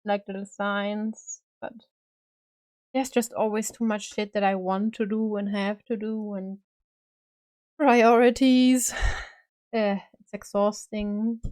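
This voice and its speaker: A woman's voice: mid-range voice, flat delivery, slow pace, pauses often, darkish tone. A woman live-streaming as she paints a figure, talking in a loose, rambling way full of fillers and casual swearing.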